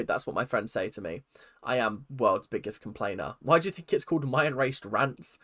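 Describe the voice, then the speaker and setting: Bright-voiced chatty male reaction host. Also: medium pitch, brisk. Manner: chatty, exaggerated, frequent mock voices. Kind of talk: casual reaction commentary.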